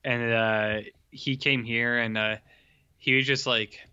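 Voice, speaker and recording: A man's voice: medium pitch, steady tone, slow pace, sharp tone, clear, resonant tone, no room sound, dull audio. A young man co-hosting a podcast, chatting casually and joking around. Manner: joking, puts on a mock Irish accent. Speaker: podcast co-host. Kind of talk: casual chat.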